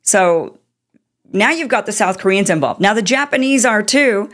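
A woman's voice: medium pitch, animated, normal speed, a bit bright. A woman hosting political commentary, talking in an indignant, sarcastic way. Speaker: commentary host.

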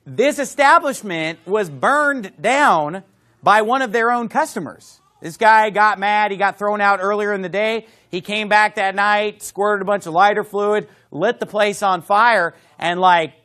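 A man's voice: high-pitched, measured pace, bright, forceful tone. A man preaching a sermon, emphatic, with conversational asides to the congregation. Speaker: pastor.

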